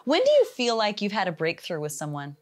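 A woman's voice: medium pitch, huge pitch swings, fairly quick, darkish tone. A woman hosting a podcast interview, asking curious and reflective questions. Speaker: podcast host.

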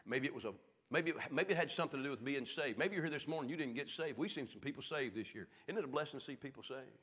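A man with a Southern American accent preaching a sermon as pastor, swinging from shouted peaks down to low, quiet lines. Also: fast talker, husky. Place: church sanctuary. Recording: echoey church hall.

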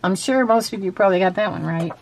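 Woman craft vlogger, chatty and halting, reading out a quiz. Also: medium pitch. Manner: chatty, with frequent fillers and restarts; reads quiz questions aloud. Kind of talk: casual show-and-tell and quiz.

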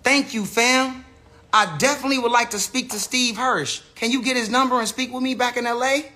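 A man's voice: extremely high pitch, steady tone, fairly quick, bright, forceful tone. A man ranting unscripted to his viewers, profane and rambling, often restarting his sentences. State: says he is high. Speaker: person telling his side of a story.

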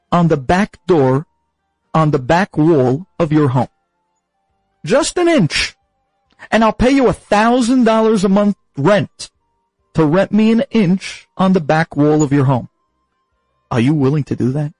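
A man's voice: high voice, big pitch swings, a little slow, long pauses, a little mellow, dry recording, soft background music, full character voice. A man voicing a stubborn, wealthy miser who haggles insistently and repeats himself. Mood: coaxing.

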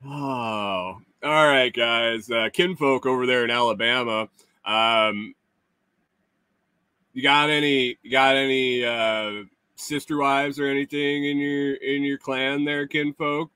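A middle-aged man hosting a casual live stream, reading chat comments aloud and teasing viewers with chuckles and halting restarts. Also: medium pitch, fairly even intonation, sharp tone, smooth, no echo.

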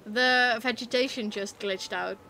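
A woman with a Dutch accent, chatting playfully while streaming a game, at times breaking into excited squeals. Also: fairly high pitch, measured pace, gravelly, slight background noise. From Netherlands. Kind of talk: casual gameplay chat.

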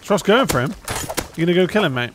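A man playing a video game with friends, dry and joking, playing at being relaxed. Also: high-pitched, fast talker, noisy background. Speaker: gaming group member.

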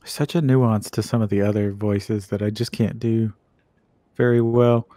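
A man's voice: on the low side, fairly even intonation, measured pace, dark tone. A man teasing and joking playfully while playing a co-op game on stream. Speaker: co-op gamer on stream. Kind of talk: casual gaming banter.

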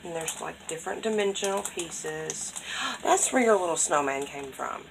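A woman's voice: lowish voice, expressive, normal speed, vocal fry, noisy background. A woman vlogger, chatting casually as she unboxes craft mail, gushing and gasping with delight at each item. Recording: crinkling packaging and clicks over the voice.

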